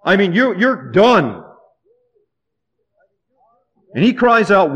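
A middle-aged man preaching a sermon with fervent, repetitive phrasing, often sinking to a hush. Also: high voice, big pitch swings, measured pace, breathy edge. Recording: dull lo-fi sermon recording.

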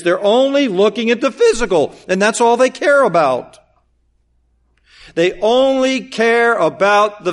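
A man preaching a sermon, emphatic and repetitive, full of rhetorical questions, swinging between loud and hushed. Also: sits high. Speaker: pastor.

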